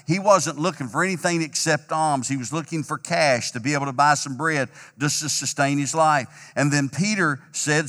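Bright-voiced preacher in a hall. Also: male voice, fairly high pitch, moderate pace, few pauses. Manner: emphatic, repetitive storytelling. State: slightly hoarse, clearing throat. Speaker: pastor. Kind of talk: sermon.

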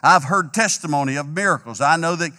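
A man preaching an emphatic, repetitive sermon as pastor, a little hoarse. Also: fairly high pitch, brisk, bright, forceful tone, in a large hall. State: slightly hoarse, clearing throat.

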